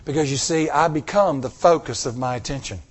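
A man preaching a sermon in an emphatic style, slowing down on key words and calling out to the congregation. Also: fairly high pitch. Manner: emphatic, slows down on key words, call-and-response. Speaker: pastor.

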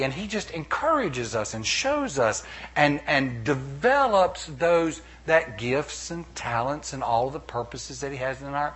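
A middle-aged pastor preaches with a husky, slightly raised voice that swoops up and down all the time. He is animated and playful, and he breaks into little acted-out quotes. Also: a little high, measured pace. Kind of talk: sermon.

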